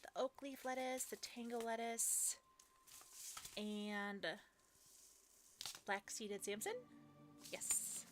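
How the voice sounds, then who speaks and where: A woman's voice: fairly high pitch, fairly even intonation, slow, long pauses, noisy background. A woman streaming casually, chatting and giggling while she sorts seeds and talks sweetly to her dog. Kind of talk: casual live-stream chat.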